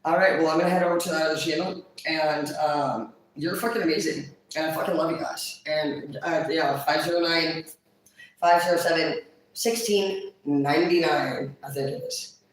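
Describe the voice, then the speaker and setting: A woman chatting casually on a livestream, blunt and profane, quick to laugh. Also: deep voice, steady tone, far from the mic. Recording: very echoey room, voice off-mic.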